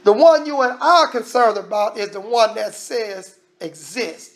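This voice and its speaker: High-pitched preacher. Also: male voice, lively intonation, unhurried. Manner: preaching with emphatic, shifting loudness; conversational, with repeated restarts. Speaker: minister. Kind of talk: sermon.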